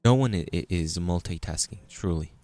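Deep and mellow at a normal speed, a pastor preaches in a conversational manner. He reads scripture aloud, shares stories from everyday life, and occasionally restarts.

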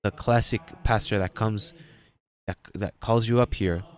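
Emphatic low-voiced male pastor preaching. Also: fairly even intonation, unhurried. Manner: emphatic, repetitive, swings into loud peaks. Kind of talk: sermon.

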